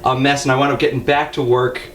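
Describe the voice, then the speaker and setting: A man's voice: mid-range voice, fast. A man co-hosting a podcast, telling a story in casual chat and acting out what people said. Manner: animated storyteller, acts out quotes in a raised voice. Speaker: podcast co-host. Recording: echoey room with loud background noise.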